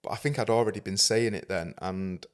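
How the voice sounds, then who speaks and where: Chatty Mancunian man, low voice. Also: brisk, clear, resonant tone. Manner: swears freely, chatty and laughing. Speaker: podcast host. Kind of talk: casual podcast chat.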